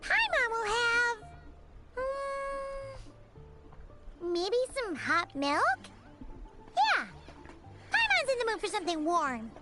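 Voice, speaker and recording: A woman voicing a tiny, eager female companion figure in a game, bubbly, excitable and curious. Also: very high voice, takes it slowly, long pauses, over loud music, full character voice. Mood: cheerful. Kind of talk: game dialogue.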